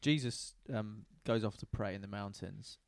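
Deadpan man retelling a story. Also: on the low side, moderate pace, vocal fry, dry recording. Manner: deadpan storytelling with casual British slang. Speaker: podcast co-host retelling Bible stories. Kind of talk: casual comedic chat.

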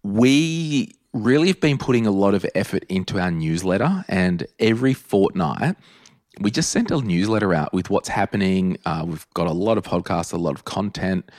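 A man's voice: low voice, a little mellow, no room sound, studio quality. An Australian man hosting a podcast in a casual, chatty way, leaning hard on repetition for emphasis. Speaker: podcast host. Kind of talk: casual solo podcast talk.

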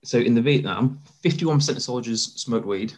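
A man's voice: medium pitch, brisk. A man in casual podcast chat, reading out definitions and facts he looked up. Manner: reads out looked-up definitions and facts, laughs along. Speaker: podcast co-host.

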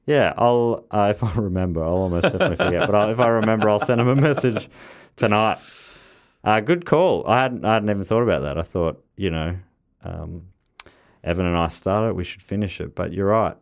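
A man's voice: lowish voice, brisk. A man co-hosting a podcast in casual chat, reading out listener messages and laughing often between remarks. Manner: chatty, laughs often, frequent fillers and restarts.

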